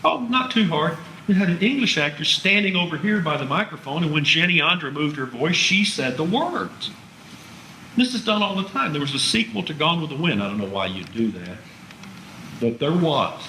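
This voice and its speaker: A man's voice: a little high, sing-song, moderate pace, pushed and bright, slight background noise. A man giving a public lecture to an audience, chatty and wry, with asides thrown to the listeners. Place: museum lecture room. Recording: roomy hall sound.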